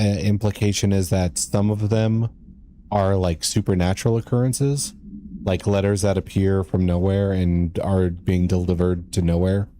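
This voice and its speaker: A man's voice: low-pitched, warm tone, slight background noise. A man streaming a game live, chatting casually with his viewers and reading in-game letters aloud.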